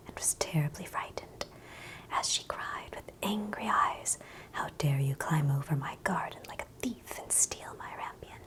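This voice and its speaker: A woman telling a fairy tale as a slow, unvoiced whisper in a whispered role-play for sleep. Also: fairly low pitch. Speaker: ASMR storyteller.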